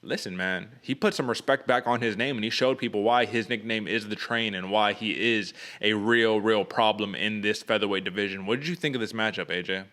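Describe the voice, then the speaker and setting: A man co-hosting a podcast, giving an energetic, casual breakdown of a fight and saying "man" often. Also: fairly low pitch, fairly quick, hardly any pauses. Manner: energetic, says "man" a lot. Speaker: podcast co-host.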